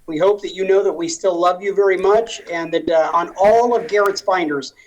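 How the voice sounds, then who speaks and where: A man's voice: high-pitched, steady tone, normal speed, slight background noise, rough recording. A man co-hosting a casual gaming podcast, teasing his co-hosts with made-up joking stories. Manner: playful teasing banter, spinning joking stories. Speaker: podcast co-host.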